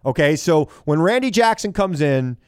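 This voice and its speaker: A man's voice: fairly high pitch, animated, normal speed, darkish tone, clear, resonant tone, dry recording, studio quality. A man in his forties hosting a talk radio show, chatting casually and telling stories with enthusiasm.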